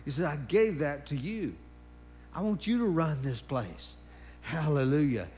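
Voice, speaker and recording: Slow, higher-voiced male preacher. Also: lively intonation, darkish tone, slight background noise. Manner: emphatic, drawn-out preaching with repeated phrases and interjections. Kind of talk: sermon.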